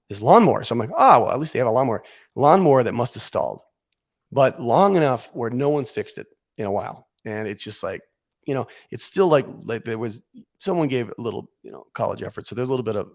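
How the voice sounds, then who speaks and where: Appearing as a podcast guest, a man tells a comic story casually and with animation, acting out what he and others said. His voice sits on the low side, gravelly and brisk.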